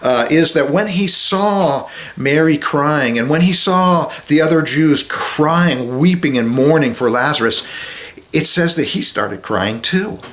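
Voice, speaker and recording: A man speaking as a chaplain, giving an informal devotional talk in a conversational way that drops soft and low at solemn moments. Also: expressive, a little slow. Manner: conversational, with many restarts and fillers.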